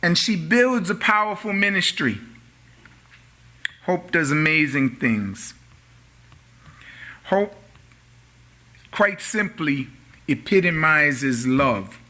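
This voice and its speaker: Older guy preaching, high bright voice, slow storytelling, asks the congregation stuff. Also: animated. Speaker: minister. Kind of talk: sermon. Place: church sanctuary with congregation.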